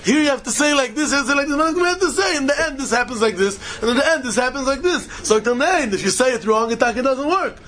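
High-pitched man teaching Talmud. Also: lively intonation, quick pace, few pauses, sharp tone, a little hiss or hum. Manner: mixes Yiddish and Hebrew terms, sing-song rising questions. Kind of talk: Talmud study lecture.

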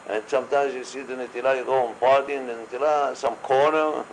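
A man leading a casual religious study discussion, talking haltingly with many fillers and quoting blessings aloud. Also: medium pitch, fairly even intonation, a little hiss or hum, rough recording.

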